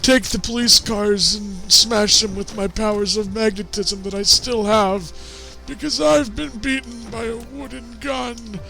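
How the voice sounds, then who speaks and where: A man's voice: gravelly, sharp tone, soft background music, exaggerated voice. A man doing a pompous wailing old villain. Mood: defeated. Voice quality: high, strained and theatrical. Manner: melodramatic, drawn-out wailing. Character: ranting old male cartoon supervillain, pompous.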